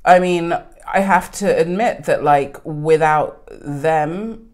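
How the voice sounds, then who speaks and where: A woman's voice: deep voice, slow pace, a little mellow. A woman, a podcast guest telling candid, self-mocking stories in a casual chat. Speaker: podcast guest, coffee educator. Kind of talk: casual conversational storytelling.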